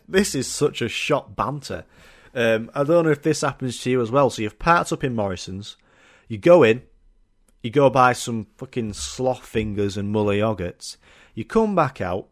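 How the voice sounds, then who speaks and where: A young man hosting a podcast, rambling through a sweary, jokey comic monologue. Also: mid-range voice. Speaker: podcast host. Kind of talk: casual comedic monologue.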